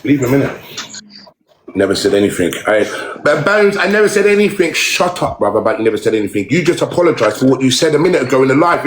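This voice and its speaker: A man's voice: medium pitch, noisy background. A man ranting angrily on a phone livestream, swearing hard and taunting someone over and over. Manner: aggressive, swearing, repetitive taunts. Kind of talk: angry livestream rant. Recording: roomy echo.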